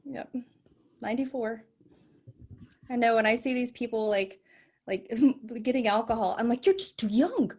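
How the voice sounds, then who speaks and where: Woman in her 40s on a video call, kinda high voice, chatty and good-humored. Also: steady tone, moderate pace, pauses often. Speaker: student club member. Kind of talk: casual chat on a video call.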